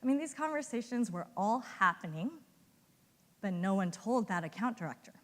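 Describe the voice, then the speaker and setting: A woman giving a conference talk as an animated storyteller who acts out the voices of colleagues she quotes. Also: medium pitch, normal speed, long reverb tail. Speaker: conference speaker. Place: hotel conference ballroom.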